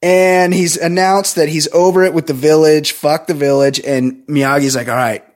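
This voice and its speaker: Guy on a podcast ranting thru a movie plot, crude jokes, kinda high voice. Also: moderate pace. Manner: crude, joking, animated retelling with quoted voices. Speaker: podcast co-host. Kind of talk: casual movie recap chat.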